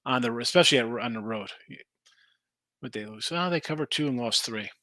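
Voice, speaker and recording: Animated man talking betting picks. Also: medium pitch, fairly quick, dry recording. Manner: animated, rambling, thinks aloud over betting lines. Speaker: sports betting show host. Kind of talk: casual live-stream chat reading viewer picks.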